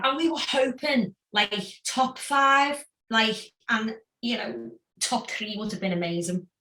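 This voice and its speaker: A woman's voice: a little high, far from the mic. A woman guest on a podcast, telling stories animatedly and laughing often. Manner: animated, laughs often, acts out voices in anecdotes. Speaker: podcast guest, former girl-band singer. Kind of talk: casual storytelling interview. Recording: echoey room, voice off-mic.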